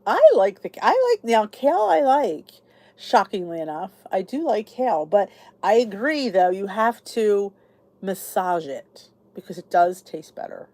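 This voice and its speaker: A chatty woman, the channel's host, talks casually to her viewers at a middle pitch. She rambles warmly through stories and reads out comments by name as she goes. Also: big pitch swings, unhurried, dry recording. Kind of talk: casual live chat with viewers.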